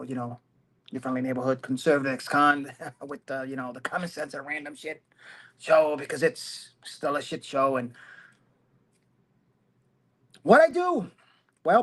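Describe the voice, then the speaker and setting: A middle-aged man hosting a casual commentary livestream from his phone, rambling and self-mocking, laughing often. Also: on the high side. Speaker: host.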